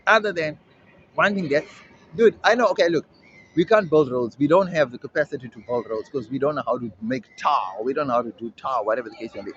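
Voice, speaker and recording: A man's voice: medium pitch, quick pace, fairly bright tone. A man from South Africa giving an emphatic opinion monologue as a vlogger, insistent and repeating his points with slangy asides. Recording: slightly dull audio with faint ambient hiss.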